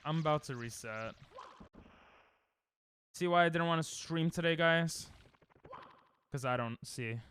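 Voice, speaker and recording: A man's voice: fairly high pitch, unhurried, pauses often, fairly bright tone, clear, resonant tone. A young man streaming a game live at home into a desk mic, joking crudely and sarcastically with chat and snapping at the game in frustrated outbursts.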